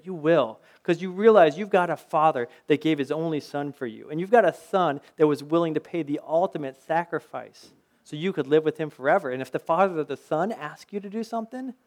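A man's voice: on the high side, darkish tone. A middle-aged man preaching a sermon in a conversational way, mixing scripture with personal anecdotes and rhetorical questions. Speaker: pastor.

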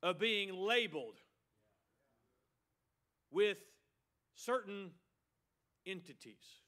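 A man's voice: high-pitched, lively intonation, very slow, pushed and bright. A middle-aged male pastor preaching a sermon with emphasis, repeating a refrain and mocking excuses.

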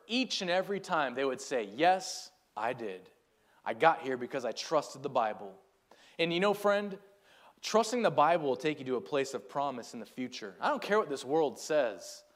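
A man with a high-pitched voice preaches a sermon with earnest conviction. He swings between loud, emphatic rises and soft, low drops, often stumbling over repeated words when he gets excited.

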